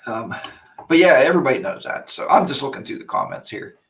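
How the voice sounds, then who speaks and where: A man's voice: mid-range voice, sing-song, fairly quick, vocal fry, a bit bright, recorded from a distance. A man hosting a casual live-stream chat, rambling and ranting while reading viewer comments aloud. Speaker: host of a motorcycle chat show.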